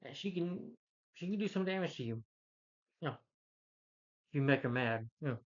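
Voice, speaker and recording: A man's voice: a little high, expressive, moderate pace, lo-fi sound. A man giving a casual, opinionated movie review, rambling with many restarts and fillers.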